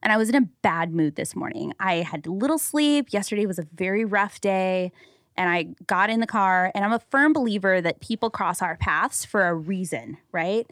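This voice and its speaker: A woman in her thirties co-hosting a podcast, telling stories in a lively way and acting out the people she quotes. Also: mid-range voice, moderate pace, no echo, clean studio sound. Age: 30s. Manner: animated storyteller, acts out quoted people. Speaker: podcast co-host. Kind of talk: casual chat, storytelling.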